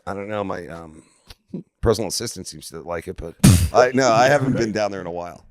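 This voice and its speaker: A man on a podcast dropping dry, deadpan one-liners in casual banter. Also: low-pitched, fast, no room sound.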